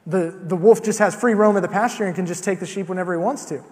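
A man's voice: high voice, fast, big-room sound. A man preaching a sermon in a conversational way, with fillers and repeated starts.

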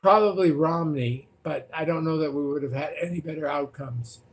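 An older man, a former political candidate, recounting debate stories as a guest in an animated way, often repeating words. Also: fairly high pitch, normal speed. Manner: animated, repeats words and restarts, acts out quotes. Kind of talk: anecdotal storytelling in conversation.

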